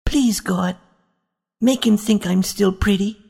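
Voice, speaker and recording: A man's voice: high-pitched, slow, creaky, dark tone, slightly rough, dry recording, studio quality, pitched above the performer's own voice, exaggerated voice. A man voicing an anxious, loving young wife in a storybook reading, pleading and breathless.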